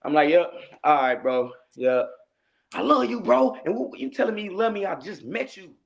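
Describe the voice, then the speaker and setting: Man, high voice, animated storytelling, acts out quotes, dull lo-fi audio. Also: moderate pace, vocal fry. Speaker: guest, rapper. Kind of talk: casual storytelling interview.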